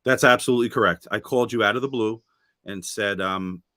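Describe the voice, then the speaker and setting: A man's voice: on the low side, a little fast, pushed and bright, slight background noise. A man hosting a livestream interview in a joking, casual way, reading viewer comments aloud. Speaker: podcast host.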